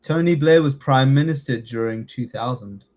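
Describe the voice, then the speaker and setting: A man from the United Kingdom with a medium-pitched, slightly mellow voice speaks at a normal speed while teaching a live online citizenship test class. He quizzes students in an encouraging, chatty way, often checking in with "yeah?".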